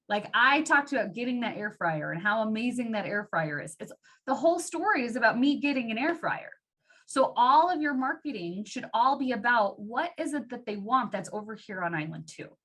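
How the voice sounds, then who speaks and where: With a fairly high, somewhat bright voice, the team trainer gives a relaxed sales training talk. She chats freely, leans heavily on "like," and performs customer voices.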